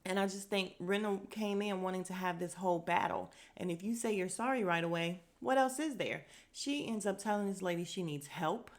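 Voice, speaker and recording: A woman hosting a podcast, recapping a reality show in casual chat, sassy and animated as she acts out what the cast said. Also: on the low side, moderate pace, hardly any pauses.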